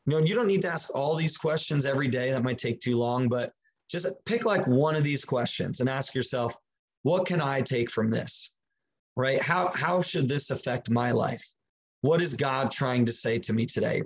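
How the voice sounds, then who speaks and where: A man giving relaxed, practical advice on daily Bible reading and prayer, talking conversationally with frequent fillers and restarts. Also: mid-range voice, husky, poor audio. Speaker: Christian teacher. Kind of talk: casual teaching talk.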